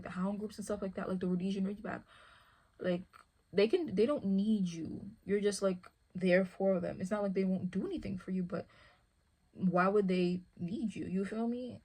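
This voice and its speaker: A woman's voice: mid-range voice, a little mellow. A woman who handles a service dog, talking casually and rambling, often asking "you feel me". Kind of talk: casual chat.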